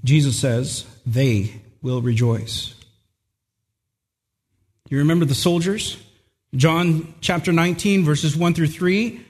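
A man's voice: a little high, normal speed, long reverb tail. A male pastor preaching an earnest, emphatic sermon and repeating words for stress.

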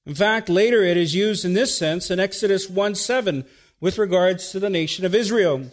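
A man's voice: high-pitched, normal speed. A man preaching an expository sermon, explaining words in a teacherly way with dry asides and frequent checks of "okay?". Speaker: pastor.

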